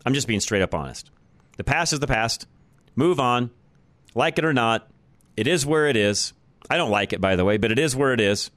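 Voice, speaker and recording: This American talk radio host has a medium-pitched, expressive, slightly bright voice, speaks at a moderate pace, and pauses often. Captured dry on a studio microphone, he gives a blunt, opinionated monologue, restating his points for emphasis.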